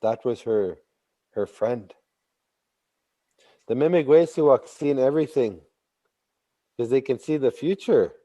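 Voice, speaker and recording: A man telling a traditional story slowly, repeating phrases and bursting into sudden animated emphasis. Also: medium pitch. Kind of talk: oral storytelling.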